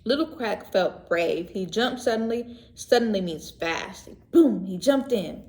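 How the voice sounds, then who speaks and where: A woman teacher reading a picture book aloud to young children, gentle and expressive, pausing to ask questions and explain words. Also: medium pitch. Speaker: pre-K teacher. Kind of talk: read-aloud story lesson for young children. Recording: echoey room.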